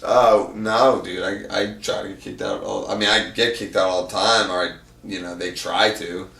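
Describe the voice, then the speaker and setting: A man guesting on a podcast, talking casually and profanely, sometimes loud and sometimes mumbling. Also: deep voice, steady tone, moderate pace, vocal fry. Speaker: podcast guest, van traveler. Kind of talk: casual chat. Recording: roomy sound from a distant mic.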